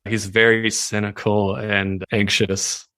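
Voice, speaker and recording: A man chats as an interview guest, animated and quick to laugh. His voice sits a little low, and it is recorded dry and close. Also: dry recording. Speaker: writer, guest. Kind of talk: casual chat.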